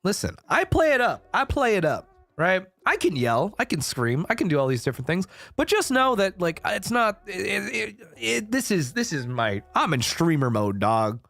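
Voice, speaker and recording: Laid-back man streamer with a lively voice. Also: high-pitched, normal speed, vocal fry, hardly any pauses, no room sound, faint music behind. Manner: laid-back, swears casually, says "dog". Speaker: VTuber streamer. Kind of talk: casual chat stream.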